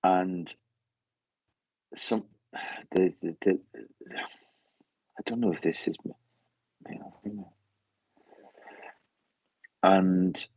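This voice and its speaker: A man working as a medium during a live reading, relaying messages in halting bursts and often repeating words as he goes. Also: sits low, gravelly, a little mellow, no echo, highs cut off.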